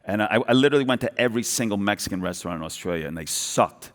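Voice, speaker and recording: This is a middle-aged man from New York with a thick Brooklyn accent, speaking at a brisk, rushing clip in a fairly low voice. He tells his story in an animated way, acts out little bits of dialogue and keeps restarting his sentences. The sound carries the long echo of a large conference hall. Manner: animated, quoting others in dialogue, quick restarts. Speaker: guest entrepreneur. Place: large event hall stage.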